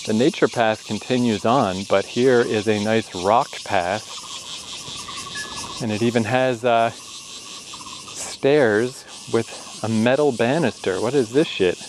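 A man's voice: mid-range voice, takes it slowly, noisy background. A man narrating a vlog while hiking a hot forest trail, sweaty and short of breath, chatty and self-mocking with bursts of swearing. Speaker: vlogger.

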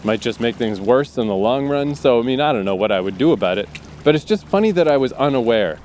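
A man speaking at a middle pitch, rambling through a relaxed solo podcast monologue. He is self-deprecating and curses casually as he talks. A faint hum of noise sits behind his voice. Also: quick pace. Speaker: podcast host.

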